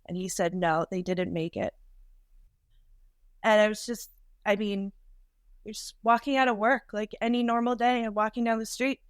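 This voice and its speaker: A woman's voice: medium pitch, steady tone, clean tone, no room sound. Woman retelling a painful loss. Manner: emotional, halting retelling with many restarts. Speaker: podcast guest. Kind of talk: personal storytelling interview.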